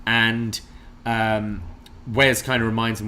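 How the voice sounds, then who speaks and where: A man's voice: lowish voice, steady tone, a little slow, sharp tone. A man from Britain whose accent has drifted toward Canadian, co-hosting a casual podcast and recapping the events in a dry, understated way. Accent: mixed British and Canadian. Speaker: co-host.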